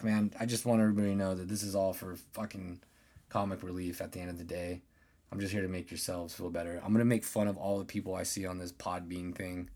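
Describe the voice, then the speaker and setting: A man in his thirties hosts a solo podcast, his fairly low voice creaky yet mellow. He rants casually and rambles, swearing a lot and restarting his sentences often.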